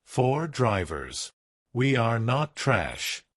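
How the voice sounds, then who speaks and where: A man's voice: medium pitch, big pitch swings, extremely slow, dry recording, clean studio sound, heavily acted. A man reading an earnest young cleaner. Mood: soft, sincere. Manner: soft, sincere pleading.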